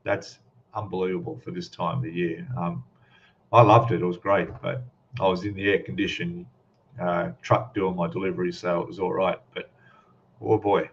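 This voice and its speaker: A chatty Australian man hosts a relaxed live-stream hangout, greeting viewers one by one. His voice sits a little low and comes through a slightly dull, lo-fi mic. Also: normal speed, creaky, a little hiss or hum. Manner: chatty, greets viewers by name with many fillers. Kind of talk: casual live-stream chat.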